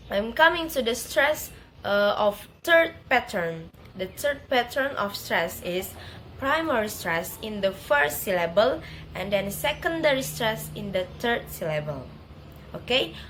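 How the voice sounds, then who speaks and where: A young woman student explaining a language topic in a class presentation, slow and careful, saying each example word twice and louder. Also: a little high, slight background noise. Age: young adult. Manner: many fillers and restarts, non-native phrasing.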